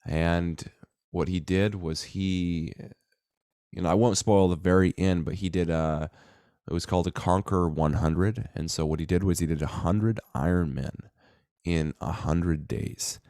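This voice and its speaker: A man's voice: sits low, steady tone, measured pace, warm tone, dry recording, clean studio sound. A man in a casual, reflective monologue to his viewers, full of fillers and restarts. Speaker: self-help vlogger.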